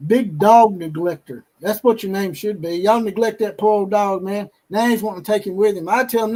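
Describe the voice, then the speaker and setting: A man's voice: high voice, brisk, hardly any pauses, warm tone, low-quality recording. A man hosting a casual sports talk stream, teasing and trash-talking with a laugh. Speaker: show host.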